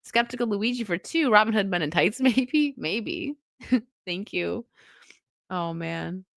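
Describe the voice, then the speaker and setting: A woman host, sick but still chatting, rambles through a casual live stream and laughs often. Her pitch sits mid-range and the sound is dry with no room echo. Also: expressive, takes it slowly, vocal fry, fairly bright tone.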